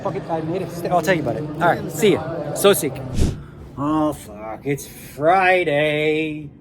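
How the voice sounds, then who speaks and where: A man's voice: fairly high pitch, expressive, a little slow. A middle-aged Canadian man vlogging casually to camera, chatty and joking, swearing freely as he explains poker hands. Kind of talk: casual vlog talk to camera. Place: busy casino tournament room. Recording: crowd chatter behind.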